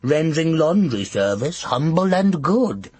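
A man voicing a tall, sly old female witch who speaks in a shrill, teasing, sing-song way. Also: sing-song, a little slow, darkish tone, husky, no room sound, full character voice.

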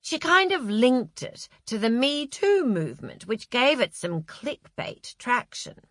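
Woman reading a fretful apologetic agent guy, bright voice, keeps sorry-ing himself. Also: a little high, big pitch swings, a little slow, no echo, clean studio sound, voice pushed up, exaggerated voice. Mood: flustered. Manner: fretful, self-reproaching. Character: flustered apologetic male literary agent.

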